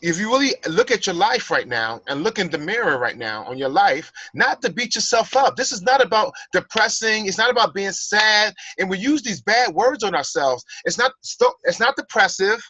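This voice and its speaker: A man's voice: high voice, big pitch swings, normal speed, few pauses, bright, forceful tone, no echo, rough recording. A man speaking as a guest in a personal development class, earnestly coaching listeners and rephrasing his points. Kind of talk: motivational talk.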